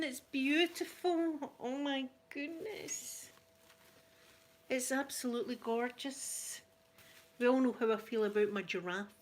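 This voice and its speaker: A Scottish woman chatting through a gift unboxing at home, gushing and laughing easily, slipping between soft near-whispers and excited exclamations. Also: on the high side, slight background noise. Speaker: ASMR vlogger. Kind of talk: casual unboxing chat.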